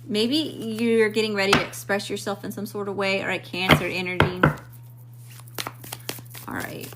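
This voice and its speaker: A woman's voice: mid-range voice, fairly even intonation, moderate pace, very noisy. A woman giving a live-stream tarot reading, chatting casually and greeting viewers in the chat as she draws cards. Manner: talks to spirit while drawing cards. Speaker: tarot card reader.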